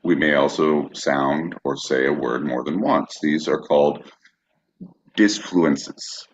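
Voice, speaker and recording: A man's voice: a bass voice, steady tone, measured pace, muffled recording, slight background noise. A man co-hosting a podcast, reading a prepared text steadily and now and then stumbling on a word. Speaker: podcast co-host.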